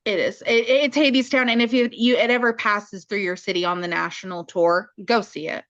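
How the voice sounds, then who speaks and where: A young woman co-hosts a podcast, mostly offering short, agreeable replies at a mid pitch. The recording is dry and a little dull, with the top end rolled off. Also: fairly quick, fairly bright tone, no echo. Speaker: podcast co-host. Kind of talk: casual chat.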